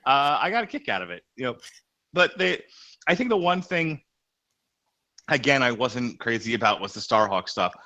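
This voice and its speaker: A man with a bright, ringing voice talks comics on a podcast. He rambles casually and restarts his sentences often, his pitch sitting in the middle. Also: sing-song, normal speed, long pauses, low-quality recording. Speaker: podcast co-host.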